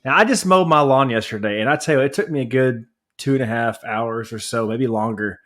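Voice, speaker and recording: A man's voice: mid-range voice, a little fast. Ranting, rambling male podcast co-host. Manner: animated, rambling storytelling rant; married family man. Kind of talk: casual chat.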